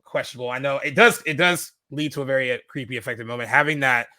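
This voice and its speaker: A male podcast co-host reviews a film casually, talking fast in a medium-pitched voice with a bright, forceful tone. Rambling and full of fillers and restarts, he's recorded with no echo.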